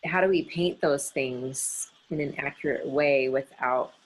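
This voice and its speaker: A woman's voice: a bass voice, measured pace, rough recording. A woman storyteller in casual conversation, asking thoughtful questions.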